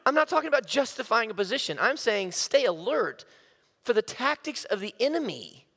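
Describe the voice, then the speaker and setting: A man's voice: very high-pitched, very animated, moderate pace, creaky, bright, forceful tone, big-room sound. A man giving a humorous, self-mocking sermon, telling stories and acting out the quotes. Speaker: speaker.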